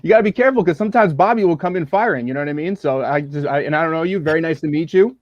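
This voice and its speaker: A man's voice: fairly high pitch, rapid-fire, no echo, muffled recording. A man in his thirties from Boston, a laughing, easygoing guest joining a podcast over a video call. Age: 30s. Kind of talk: casual podcast conversation. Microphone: video call from his room.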